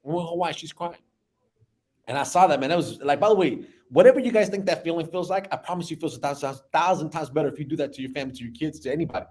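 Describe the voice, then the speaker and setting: A man in his thirties, a business owner telling an emotional personal story in an animated way, often repeating words. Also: on the high side, very fast.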